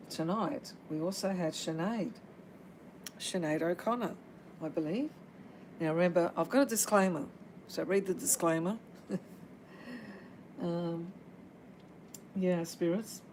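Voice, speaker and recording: A woman speaks casually on a livestream, pausing often with ums and uhs. Her voice sits a little low for a woman. A faint hiss sits under her words. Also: darkish tone, poor audio. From Australia. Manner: halting, full of ums and uhs. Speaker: paranormal livestream host. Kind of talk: casual livestream chat addressing spirits.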